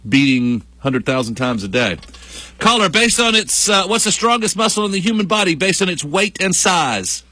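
A man's voice: high voice, big pitch swings, normal speed, pushed and bright, no room sound. A man hosting a morning radio show, bantering with his co-host and running promos and trivia. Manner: jokey, chatty, reads promos and trivia. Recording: dry studio mic with faint music bed.

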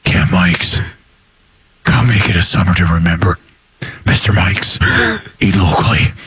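Man doing a deep cowboy ad announcer, gravelly, slow drawn-out read, far lower than his own voice. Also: steady tone, a bit bright, no echo, full character voice. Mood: gruff, nostalgic.

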